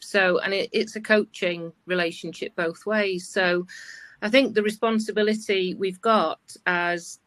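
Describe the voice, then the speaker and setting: A woman speaking as a guest on a live panel, thoughtful, pausing on fillers. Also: fairly low pitch, a bit bright, dry recording, poor audio.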